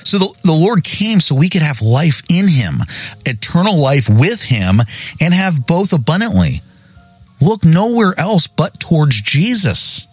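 A man's voice: on the high side, big pitch swings, a little slow, husky, dry recording, faint music behind. A man hosting a devotional podcast sermon, reading verses and pressing listeners with pointed, repeated questions. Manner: emphatic, repeats key phrases. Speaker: podcast host.

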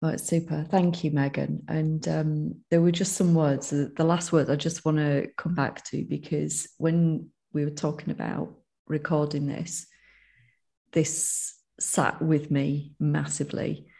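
Low, gravelly-voiced woman host. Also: flat delivery. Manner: warm and encouraging, with halting restarts. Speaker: podcast host. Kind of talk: casual chat.

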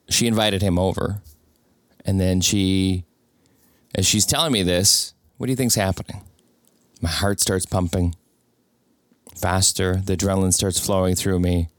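A man with a fairly low voice tells a personal story in an earnest, reflective way. He voices the people in it in his own plain tone. The sound is dry and close, with little room around it. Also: no echo.

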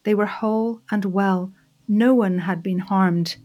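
A woman storyteller reads a folk tale aloud with dramatic, expressive phrasing. She lets her voice rise for the vivid passages and drops to a hush for tender ones. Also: medium pitch, unhurried, highs cut off. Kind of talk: storytelling narration.

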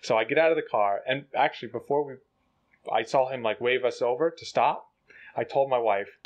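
Animated male co-host, casual storyteller, slightly muffled recording. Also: medium pitch, brisk. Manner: animated, acts out voices in quotes. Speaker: co-host telling a travel story. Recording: slightly dull lo-fi audio.

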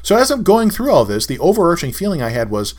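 A man's voice: a little high, wildly swooping pitch, fast talker. A middle-aged man hosting a solo podcast in a casual, wry and exasperated way, often chuckling. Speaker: podcast host.

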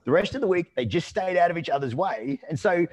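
A man telling a story in a relaxed conversational way, rambling with restarts and fillers. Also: high voice, fast. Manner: lively and amused when telling anecdotes.

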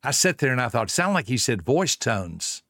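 A middle-aged man, giving a folksy motivational talk. He tells stories, repeats words for emphasis and drops into soft, low tones. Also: very animated, normal speed, dry recording, studio quality. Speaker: speaker on a self-help talk.

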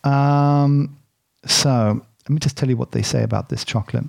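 Gravelly man chatting through a tasting. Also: mid-range voice, fairly even intonation, moderate pace, darkish tone. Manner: chatty, rambling and self-deprecating. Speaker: host tasting chocolate. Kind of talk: casual tasting chat.

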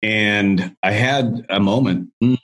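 A man's voice: on the low side, slow, a bit bright. A man being interviewed as a business coach, telling a story in a rambling, chatty way full of restarts. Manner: rambling, chatty, with many restarts and "you know".

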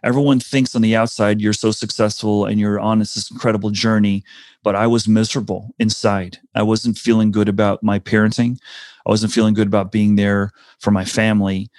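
A man's voice: on the low side, little pitch movement, a little fast, a little mellow, no room sound, clean studio sound. A man, likely in his forties, telling a personal career story in an earnest, reflective way, often restarting his sentences. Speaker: speaker sharing a career story.

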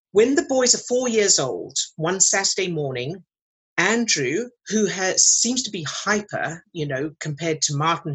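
A woman's voice: low-pitched, a bit bright, husky, poor audio. A woman, a mindset coach, explaining her ideas through a step-by-step story in a podcast interview. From outside America, British English usage.

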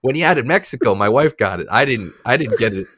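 Lively, laughing man telling stories. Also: mid-range voice, a little fast, a little hiss or hum. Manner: swearing, laughing storyteller. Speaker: podcast co-host. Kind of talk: casual chat.

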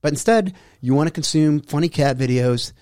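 A middle-aged man hosts a solo motivational podcast, talking emphatically, frustrated and preachy, about habits and self-improvement. His voice is on the high side and a little mellow, at normal speed, in studio-quality sound with no echo.

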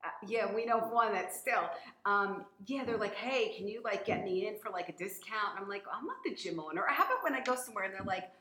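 A woman's voice: medium pitch, animated, a little fast, fairly bright tone. A woman talks in a loose, rambling way, often stopping, laughing and getting choked up. Her voice sits in a middling register. The room around her is roomy and echoey. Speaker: guest, gym member sharing her story. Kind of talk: casual emotional chat. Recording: roomy echo.

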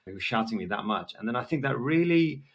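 A man's voice: mid-range voice, lively intonation, slightly rough. A man, a doctor, telling candid stories about his early work in a casual chat. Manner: candid storytelling, quick and rambling.

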